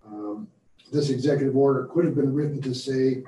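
A man presents his case to an appeals court in a measured, formal way. His voice is very dark and mellow, picked up from a distance in a roomy courtroom with a faint hum of noise behind him. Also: mid-range voice. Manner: measured, formal legal reasoning. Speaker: attorney for the appellant. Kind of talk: appellate oral argument.

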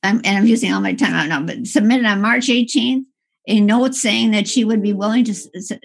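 Impassioned woman attorney, creaky husky voice. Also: medium pitch. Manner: impassioned, halting with frequent restarts. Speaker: appellate attorney. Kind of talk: courtroom oral argument.

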